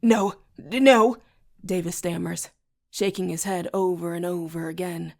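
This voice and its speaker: A woman narrates an audiobook in a low voice with a gravelly fry underneath. Her delivery stays steady and even, with a fairly flat melody. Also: normal speed. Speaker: audiobook reader.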